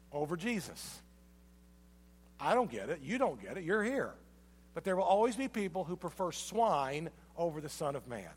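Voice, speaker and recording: High-voiced man preaching in a reverberant hall. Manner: storytelling, emphatic repetition. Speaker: pastor. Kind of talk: sermon.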